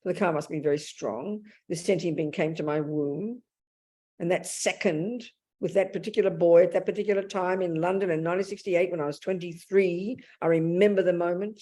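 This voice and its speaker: Her voice is on the low side and dark in tone, with a steady pitch and a fairly quick pace. The speaker, a woman in her seventies, is a Buddhist nun delivering a blunt, plain dharma talk, often beginning sentences again and dramatizing what goes on in the mind.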